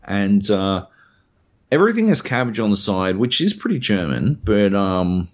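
Man, Australian accent, young adult, deep voice, animated, casual, sweary. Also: moderate pace. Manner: rambling, swears freely. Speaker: podcast co-host. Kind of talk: casual chat.

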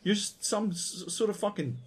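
A man's voice: sits high, normal speed, slight background noise. A man co-hosting a video game podcast, ranting in a casual, profane and exasperated way. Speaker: podcast co-host.

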